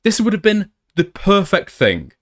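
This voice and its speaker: A young man reacts in disbelief as he reads messages aloud for his commentary video. His pitch jumps all over when he gets worked up, and he swears freely. The sound is close and dry, with no room around it. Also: wildly swooping pitch, a little slow, no room sound. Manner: exasperated, incredulous, swears often. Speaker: commentary YouTuber.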